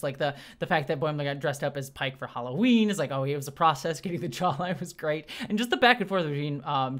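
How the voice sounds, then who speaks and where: A young adult host rattles through a casual solo review at high speed, in a mid-range voice. The talk gushes, full of fillers, restarts and quick asides. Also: fairly bright tone. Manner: gushing, fast-talking, many restarts and fillers. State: briefly teary. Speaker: show host reviewing episodes.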